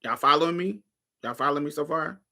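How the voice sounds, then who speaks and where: A man's voice: a little high, fast talker, vocal fry, sharp tone. A man from Indianapolis hosting a show, talking loosely and profanely and keeping checking that listeners are following. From Indianapolis, USA. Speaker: podcast host. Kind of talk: casual livestream commentary.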